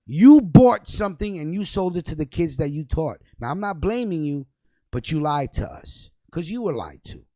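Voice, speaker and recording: Young dude on his radio show going off, swearing and repeating himself, voice a bit high. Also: big pitch swings, moderate pace, mellow, no echo. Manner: fiery, profane, repetitive ranting. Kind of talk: freestyle monologue rant.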